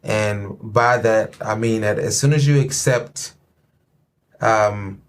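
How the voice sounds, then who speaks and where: A man's voice: on the low side, slow. Chicago-accented man hosting a podcast. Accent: Chicago American. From Chicago, USA. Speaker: podcast host. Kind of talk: casual podcast chat.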